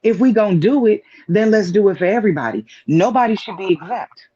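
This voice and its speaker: A man's voice: high voice, expressive, fairly quick, dark tone. A man speaking as a guest on a live stream, making his point with repeated rhetorical questions. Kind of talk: casual opinion talk. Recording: dull lo-fi stream audio.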